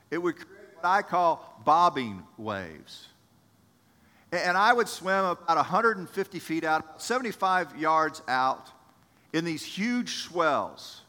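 A male pastor preaching a sermon, telling stories with animated emphasis and speaking to members of his congregation by name. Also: medium pitch, long reverb tail.

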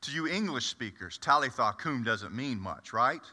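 A man's voice: mid-range voice, animated, moderate pace, bright, forceful tone. A man performing a first-person monologue as the apostle Peter, a blunt and impetuous fisherman, with chatty, confiding asides to the audience. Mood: storytelling. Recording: echoey hall.

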